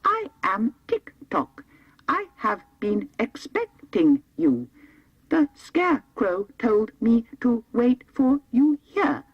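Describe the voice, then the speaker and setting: Woman voicing a clockwork copper man, slow mechanical voice, polite, British accent, storybook. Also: on the high side, expressive, no room sound, dull audio, pitched above the performer's own voice, exaggerated voice. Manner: polite and measured.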